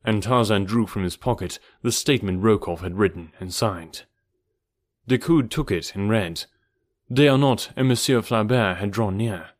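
A man narrating an adventure novel as an audiobook in a steady, measured storytelling manner. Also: lowish voice, no room sound.

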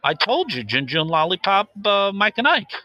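Comedy bit: a man as an earnest, defensive protest-zone safety officer, bright forceful tone, lots of uhs. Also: high-pitched, sing-song, moderate pace, dry recording, full character voice, poor audio. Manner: hesitant, filler-heavy, defensive. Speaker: interviewee. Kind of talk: improvised mock interview.

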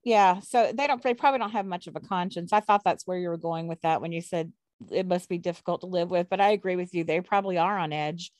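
A woman's voice: lowish voice, quick pace, a little mellow, no echo. Chatty woman podcast co-host, dry sound. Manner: chatty, defiant, laughs easily. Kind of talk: casual true crime podcast chat.

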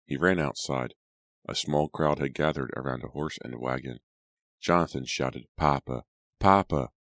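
A man narrating an audiobook in a slow, measured and grave manner. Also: rumbling low, vocal fry, dry recording. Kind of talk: scripted dramatic narration.

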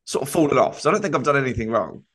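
A man's voice: medium pitch, big pitch swings, rapid-fire, fairly bright tone, breathy edge. A man co-hosting a comedy podcast, telling a meandering anecdote in casual chat, full of fillers.

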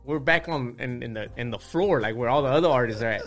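A man's voice: medium pitch, fast talker, a bit bright, faint music behind. A man, a tattoo artist, telling a story in a laid-back way, with lots of swearing and repeated "you know what I'm saying". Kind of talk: casual storytelling.

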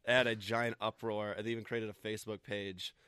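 A man's voice: fairly low pitch, little pitch movement, moderate pace, bright, forceful tone. A man co-hosting a podcast in loose, rambling casual chat, laughing often, his voice a bit off. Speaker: podcast co-host.

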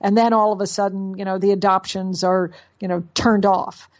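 A woman's voice: mid-range voice, level tone, normal speed. Chatty woman on a dull recording. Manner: chatty, many fillers and restarts. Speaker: podcast co-host. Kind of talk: casual chat.

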